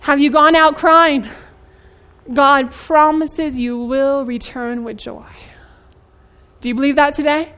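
A woman preaching a sermon in an earnest way, asking her listeners questions and slowing down to stress scripture. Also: sits high, steady tone, a bit bright. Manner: slows down for emphasis on scripture.

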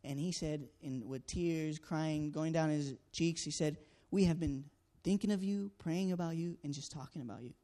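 A man tells a personal testimony in an earnest, storytelling manner. His voice sits a little high for a man. He acts out each exchange and leans on fillers as he goes. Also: moderate pace, hardly any pauses, dark tone. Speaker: student canvasser sharing a testimony.

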